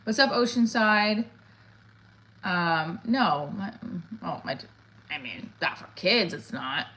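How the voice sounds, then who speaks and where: A woman's voice: low voice, animated, takes it slowly, bright, forceful tone. A middle-aged woman, a comedian, chatting casually on a livestream, rambling and reading viewer comments aloud.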